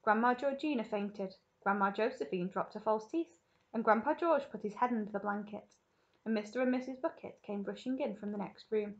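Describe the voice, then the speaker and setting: Woman teacher, reading aloud, lively, expressive, lo-fi recording. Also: medium pitch, fairly quick. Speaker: primary school teacher.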